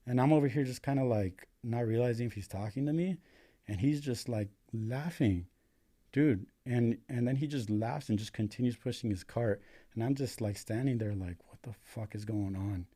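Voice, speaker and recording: A man's voice: medium pitch, normal speed, warm tone. A young adult American man, a paramedic guest, telling his story in casual, profane talk full of "dude" and "like". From United States. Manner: profane, filler-heavy, says "dude" a lot.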